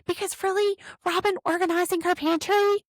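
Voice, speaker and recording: A woman's voice: extremely high pitch, normal speed, dry recording. A woman co-hosting a podcast, chatting casually with sarcastic jokes and frequent laughs. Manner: animated, sarcastic, laughs often. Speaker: podcast co-host. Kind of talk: casual recap chat.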